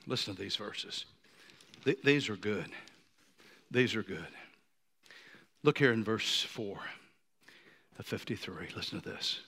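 A man in his sixties preaching a sermon, moved to tears, who swings from ringing high declarations down to hushed near-whispers. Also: lively intonation, unhurried, gravelly, long pauses, breathy edge. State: emotional, choked up. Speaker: pastor.

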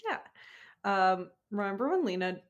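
A woman co-hosting a chat podcast with a wry, deadpan sense of humor. She talks casually and often laughs at her own sarcasm. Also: mid-range voice, a little slow, lo-fi sound. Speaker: podcast co-host.

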